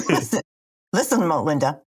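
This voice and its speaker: A retired woman in her sixties, chatting casually as a podcast co-host in an animated, self-mocking way. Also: sits low, husky. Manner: animated, chatty, quick to laugh at herself. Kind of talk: casual chat.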